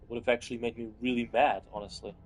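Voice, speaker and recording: A young man giving casual, profane commentary while playing a game, lurching from loud angry outbursts to low muttering. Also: flat delivery, racing, low-quality recording.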